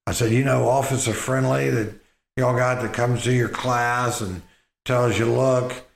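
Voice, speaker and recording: Gravelly middle-aged man telling a rambling story. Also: mid-range voice, steady tone. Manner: rambling, halting with frequent restarts and fillers. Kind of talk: casual personal storytelling. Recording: roomy echo.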